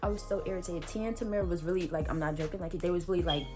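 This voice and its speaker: Animated slangy woman telling a story. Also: lowish voice, racing, over music. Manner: animated, slangy, many fillers. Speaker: vlogger. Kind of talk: storytime vlog.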